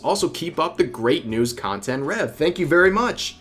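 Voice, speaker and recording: A man's voice: on the high side, lively intonation, moderate pace, hardly any pauses, fairly bright tone, faint music behind. A young man in casual livestream chat, reading viewer donation messages aloud, often repeating his phrases. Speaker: streamer reading super chats.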